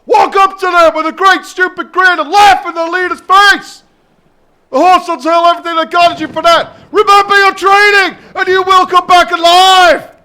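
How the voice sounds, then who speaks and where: A bellowing, insult-spitting drill sergeant, put on by a man reading game lines aloud. The voice is high, bright and forceful, shouting orders at recruits in a gruff game scene. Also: fairly even intonation, moderate pace, full character voice. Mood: commanding. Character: harsh foul-mouthed male drill sergeant, bellowing.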